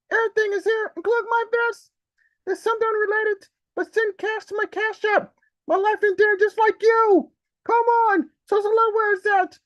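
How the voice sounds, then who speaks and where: A man performing comic poetry as a panicky male bystander, with shrill, frantic exclamations over a video call. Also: fairly bright tone, no echo, dull audio. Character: panicky adult male bystander watching monster chaos. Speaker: open mic poet.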